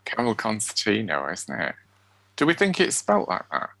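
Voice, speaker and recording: A man's voice: fairly low pitch, huge pitch swings, normal speed, creaky, pushed and bright, dry recording. Giggly Sheffield man on a podcast. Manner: giggly, chatty, rambling. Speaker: podcast co-host. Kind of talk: casual chat.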